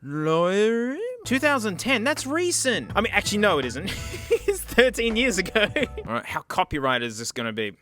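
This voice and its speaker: An excitable man with a high, bright voice that jumps all over the place as he chats and jokes through a casual tech video. Faint music plays underneath. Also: moderate pace. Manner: excitable, jokey, many exclamations and laughs. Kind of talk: casual unboxing commentary.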